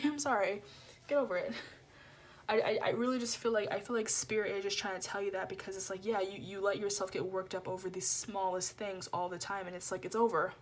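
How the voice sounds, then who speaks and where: A woman's voice: medium pitch, fairly even intonation, brisk, a little hiss or hum. A young woman giving a casual tarot reading to viewers, rambling and repeating herself, full of filler words. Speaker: tarot reader.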